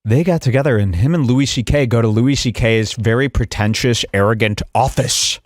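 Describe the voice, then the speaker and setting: A male podcast host giving casual, mocking commentary in a sarcastic, animated way, somewhat out of breath. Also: medium pitch, normal speed, no room sound, studio quality. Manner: sarcastic, animated, breaks into mock voices.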